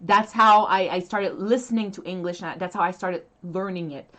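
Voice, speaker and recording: A woman's voice: on the low side, moderate pace, a bit bright. A woman, a native French speaker with a French accent, chatting casually as a livestream co-host, laughing often and restarting her sentences. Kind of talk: casual chat.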